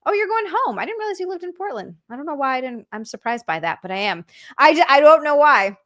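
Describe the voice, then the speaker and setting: Woman streamer, high voice, excitable, gushing, dry close sound. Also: quick pace, no room sound. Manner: excitable, reads chat aloud, gushing thanks. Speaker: streamer host. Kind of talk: casual live-stream chat.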